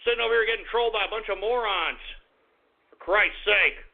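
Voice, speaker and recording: Gravelly high-voiced man ranting on a tinny line. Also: a little fast. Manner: exasperated, cursing, with repeated sighs. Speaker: internet radio show host. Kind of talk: ranting call-out monologue.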